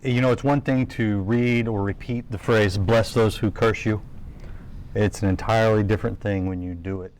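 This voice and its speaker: A man's voice: fairly low pitch, a little mellow. A man hosting a Christian talk show, introducing his guest and asking questions with short affirming responses.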